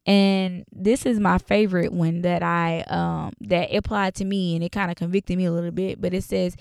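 A woman's voice: lowish voice, fairly even intonation, normal speed, vocal fry, few pauses, a little mellow, clean tone, no room sound, studio quality. A woman teaching a Bible study in a casual, conversational way, reading verses aloud with frequent fillers. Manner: conversational, many fillers, reads scripture aloud.

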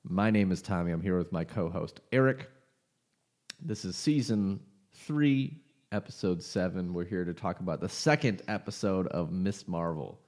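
A man's voice: deep voice, normal speed, a little mellow. A young man hosting a casual podcast, talking in an opinionated, rambling way. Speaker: podcast host.

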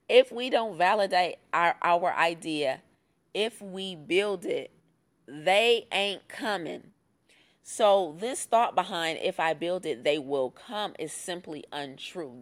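Low-voiced emphatic woman. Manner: emphatic, conversational, laughs often. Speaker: podcast host and fitness business founder. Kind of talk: casual solo podcast talk.

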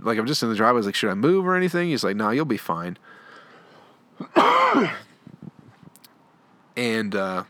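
A man's voice: fairly low pitch, fairly bright tone. A young adult man on a comedy podcast, telling a long story in a rambling, profane, laid-back way. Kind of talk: storytelling monologue.

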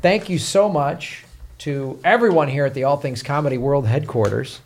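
A man's voice: on the high side, moderate pace, darkish tone. A man co-hosting a comedy podcast, joking around and plugging his tour dates. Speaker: podcast co-host. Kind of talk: casual comedy podcast chat.

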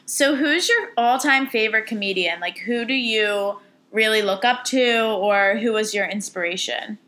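A woman's voice: fairly high pitch, normal speed, pushed and bright. A woman co-hosting a podcast who asks the guest questions in an easygoing, casual way. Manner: easygoing, interviewing. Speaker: podcast co-host.

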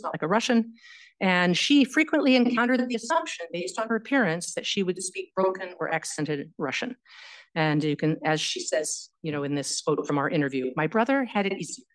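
Woman, history professor, academic lecture, measured delivery, somewhat low voice, hesitant fillers. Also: poor audio. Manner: measured, with frequent fillers and self-corrections.

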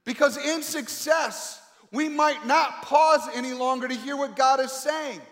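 A man preaching a sermon with emphatic delivery and dramatic pauses, swinging between loud calls and quiet asides. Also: very high-pitched. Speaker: pastor. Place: large echoey hall. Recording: echoey hall with long reverb.

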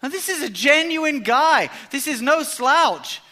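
A man preaching a sermon, telling the story in a lively way and acting out the characters' lines. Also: very high-pitched, measured pace. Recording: long hall reverb.

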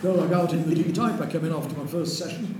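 An older man, telling lively anecdotes as an interview guest and chuckling through them. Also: a little high, fast talker. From Lancashire, England. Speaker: interview guest, racing driver. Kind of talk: anecdotal storytelling. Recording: very echoey room with faint noise.

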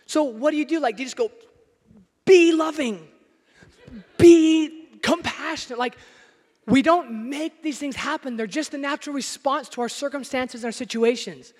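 A man preaching a sermon as pastor, energetic and joking with his listeners, shouting some words for emphasis. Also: extremely high pitch, a little fast, in a large hall.

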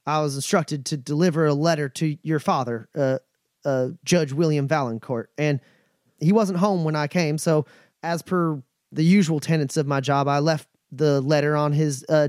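Guy doing a nervous young mail carrier, halting and apologetic, kinda high voice, dry sound. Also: a little mellow, no echo, lightly acted.

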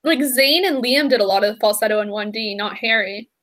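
Chatty young woman, slightly high voice. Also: brisk, fairly bright tone. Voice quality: enthusiastic, chatty, filler-heavy. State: eating while talking. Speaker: podcast co-host. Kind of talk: casual chat.

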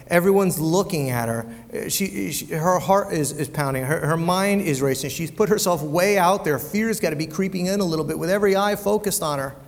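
A male pastor preaching a conversational sermon in a church, often repeating words as he goes and asking the congregation rhetorical questions. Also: a little high. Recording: long hall reverb.

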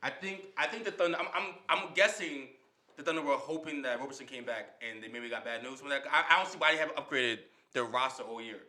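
A man's voice: medium pitch, quick pace, pushed and bright. A man in a casual sports debate who talks animatedly, laughs often and repeats himself.

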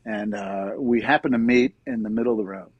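A middle-aged man, a guest in an interview, earnestly telling his personal faith story in a soft-spoken, conversational way. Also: mid-range voice, a little fast, dry recording, lo-fi sound.

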